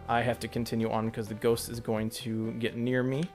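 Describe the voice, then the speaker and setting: Casting: man, mid-pitched, chatty let's play commentator, faint game music under him. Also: moderate pace. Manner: chatty, excitable, thinks aloud about each move. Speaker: gameplay commentator.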